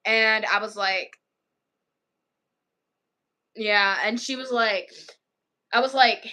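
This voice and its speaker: A woman's voice: on the high side, normal speed, long pauses, pushed and bright. A young female vlogger casually telling a long story, rambling with many "I was like" asides.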